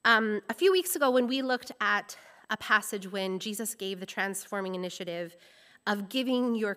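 Woman preaching a sermon, higher voice. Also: a bit bright. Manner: explanatory teaching tone, nerdy about word meanings.

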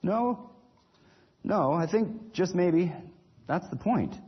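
A man voicing a fussy, high-strung storybook gentleman who exclaims his complaints. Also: expressive, slow, husky, muffled recording, full character voice. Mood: reflective. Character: fussy, easily flustered man.

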